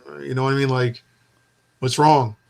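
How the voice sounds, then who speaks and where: Man, casual chat, animated storyteller, quotes people in his story. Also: mid-range voice, moderate pace, gravelly.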